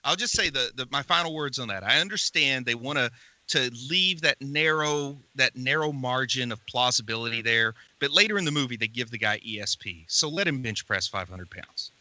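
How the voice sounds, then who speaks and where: Very bright man with a wry humor. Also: medium pitch, animated, fairly quick, no echo, poor audio. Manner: wry, dry jokes. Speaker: podcast co-host. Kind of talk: casual movie-review chat.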